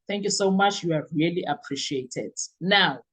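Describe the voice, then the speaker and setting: A woman hosting a podcast, her voice husky with morning roughness, reading through notes with fillers and asides. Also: fairly low pitch, moderate pace, a bit bright. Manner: reads summaries aloud with fillers and asides. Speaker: podcast host. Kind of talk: casual commentary reading notes.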